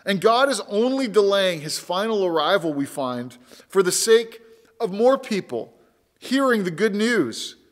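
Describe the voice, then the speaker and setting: A man's voice: high-pitched, very animated, a little slow, big-room sound. A man preaching a sermon as pastor, earnest and emphatic, repeating key words for weight. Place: church sanctuary.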